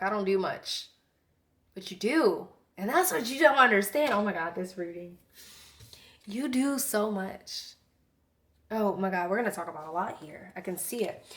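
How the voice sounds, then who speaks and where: A woman giving a casual spiritual tarot reading, earnest and effusive, chatting with soft whispered asides. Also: medium pitch. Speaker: tarot reader.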